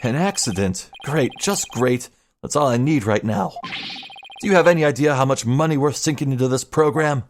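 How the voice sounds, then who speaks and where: A man voicing a brash, sleazy middle-aged TV producer with fast showbiz patter. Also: mid-range voice, animated, slight background noise, close to an everyday voice. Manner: fast-talking showbiz patter, drawn-out taunts.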